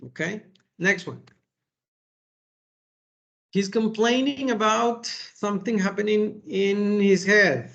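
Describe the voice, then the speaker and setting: Slow, gravelly man teaching English. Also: high voice, fairly bright tone, dull audio. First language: Spanish. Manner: slow, patient, repeats words and adds "okay?". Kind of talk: kids' vocabulary lesson.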